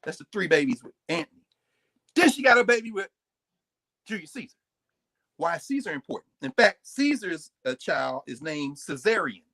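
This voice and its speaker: A man giving a live, lecture-style talk as the guest on a recurring segment, animated and digressive, often breaking off his own sentences. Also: on the high side, moderate pace, vocal fry, long pauses. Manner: animated, digressive, interrupts himself.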